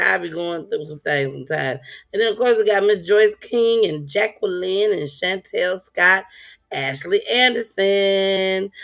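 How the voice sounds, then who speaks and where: A woman's voice: mid-range voice, fairly bright tone. A woman hosting a casual live stream, laughing often and greeting her viewers by name. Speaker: live-stream commentary host.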